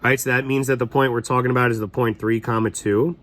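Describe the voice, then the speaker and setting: A man in his thirties walks through a math problem step by step. His teaching is casual and chatty, and he thinks out loud as he goes. His voice sits at an ordinary middle pitch. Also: fairly even intonation, quick pace. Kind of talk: recorded classroom lesson walkthrough.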